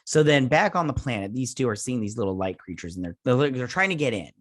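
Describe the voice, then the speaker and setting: A man's voice: medium pitch, expressive, quick pace, no room sound, studio quality. A man hosting a review channel, recapping an episode in a loose, rambling way with many fillers and restarts, now and then doing playful voices for the characters. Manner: rambling, hesitant, lots of filler words and restarts. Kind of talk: casual plot recap.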